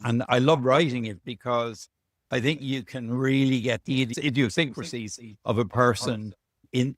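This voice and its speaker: Irish male author, mid-pitch, chatty storyteller, dry recording. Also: no echo. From Ireland. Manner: chatty, anecdotal, self-deprecating. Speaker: author guest. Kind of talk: relaxed storytelling interview. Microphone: video call.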